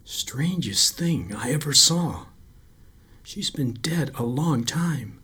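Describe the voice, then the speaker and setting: A man voicing a weary, shaken middle-aged lifeguard who speaks in a halting, half-whispered hush, as in a read-aloud story. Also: mid-range voice, husky.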